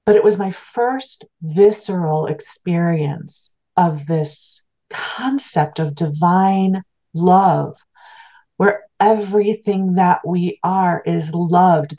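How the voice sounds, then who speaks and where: A middle-aged woman with a notably low voice speaks as an interview guest. She recounts a personal story in an earnest, heartfelt and reflective way. The recording sounds somewhat muffled and lo-fi. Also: dark tone. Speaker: guest, spiritual teacher.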